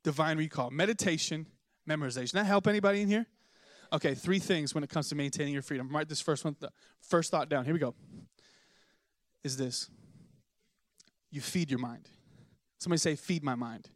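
A young man preaching a sermon in a church, telling stories with animated acted-out voices and asking the congregation to respond. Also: on the high side, brisk, pauses often, no room sound, studio quality. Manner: animated storytelling, acts out voices in anecdotes. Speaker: pastor. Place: church sanctuary.

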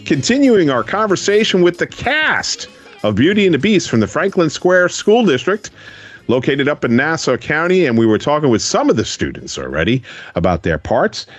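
A man's voice: on the high side, very animated, normal speed, dry recording. A man hosting a radio interview show, asking children encouraging follow-up questions from a studio.

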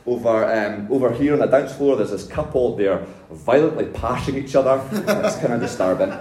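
A man's voice: mid-range voice, moderate pace. Male pastor, storytelling sermon, casual and self-deprecating; roomy church-hall echo. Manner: animated, self-mocking, casual slang. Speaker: pastor giving a testimony.

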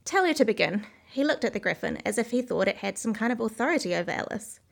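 A woman narrating a classic storybook aloud in a measured, expressive way. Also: on the high side, vocal fry. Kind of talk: storybook reading.

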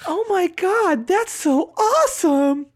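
A man's voice: very high voice, very animated, slow pace, voice pushed up, exaggerated voice. A man doing a gushing young cashier girl. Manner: gushing, sing-song.

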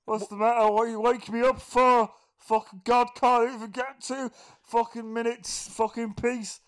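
A man's voice: very high voice, flat delivery, measured pace, a bit bright, smooth, pitched above the performer's own voice. A man voicing a grumpy, sweary God who has been woken up in a box, grumbling in a blokey way.

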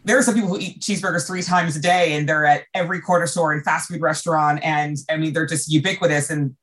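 An American woman, an event designer, chatting casually and telling a vivid story in an animated, emotional way. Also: deep voice, quick pace. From United States. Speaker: event designer, podcast guest. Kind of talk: casual backstage chat.

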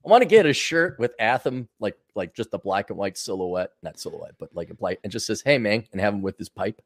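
A man's voice: lowish voice, animated, a little fast. A man co-hosting a podcast in crude, joking casual chat. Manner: crude, joking, mimics accents. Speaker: podcast co-host.

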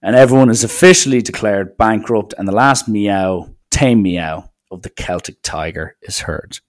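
A man's voice: fairly low pitch, moderate pace. A young man, rambling sardonically through a casual solo podcast. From Ireland. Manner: sardonic, rambling, mock-serious. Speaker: podcast host.

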